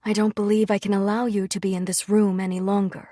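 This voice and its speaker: A composed young prince speaks quietly and with cold authority, as a woman reader puts him on. The tone is measured and unhurried, slightly husky, in a dry storybook reading. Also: medium pitch, little pitch movement, no echo, close to an everyday voice. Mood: coldly commanding.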